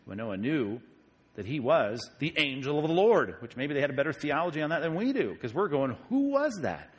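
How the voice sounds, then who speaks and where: A man's voice: fairly high pitch, brisk. A man, a pastor, teaching a sermon on Bible passages in a conversational way, often asking his listeners questions. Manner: conversational, animated, asks the audience questions.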